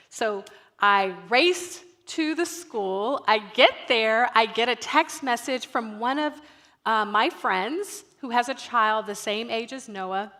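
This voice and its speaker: A woman in her thirties telling a personal story to an audience in an animated way, acting out the dialogue and talking straight to the listeners. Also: on the high side, takes it slowly. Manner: animated, acts out dialogue, addresses the audience directly. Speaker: guest speaker at a youth ministry night.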